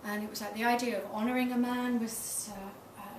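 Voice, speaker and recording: A middle-aged woman with a fairly high pitch and steady tone talks briskly, pausing little, in a candid public talk where she makes fun of herself. She teaches tantra massage and is speaking in a small event space. The audio is noisy and echoey, recorded from afar.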